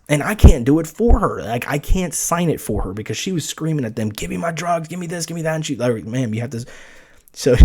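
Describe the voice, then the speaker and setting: A young man telling a story casually on a podcast, animated, swearing freely and acting out the voices of the people he quotes. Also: lowish voice. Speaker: podcast host.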